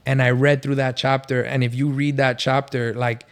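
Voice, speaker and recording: A man's voice: mid-range voice, little pitch movement, moderate pace, clean tone. A man speaking as a podcast guest, telling his faith story in a loose, rambling way, full of fillers. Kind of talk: casual testimony storytelling.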